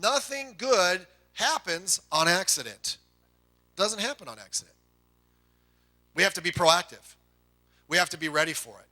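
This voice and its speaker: A middle-aged man preaching a sermon to a congregation, telling folksy family stories with quick asides. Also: sits high, lively intonation, bright, forceful tone. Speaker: pastor.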